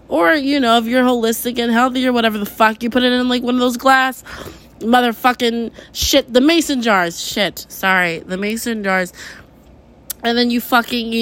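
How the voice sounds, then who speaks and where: A young woman with a slightly high voice rants to her podcast listeners from her kitchen. She curses constantly, wanders off on tangents and swings between upset and laughing it off. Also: fairly bright tone. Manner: profane, rambling, emotional. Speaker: podcast host. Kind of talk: casual venting podcast.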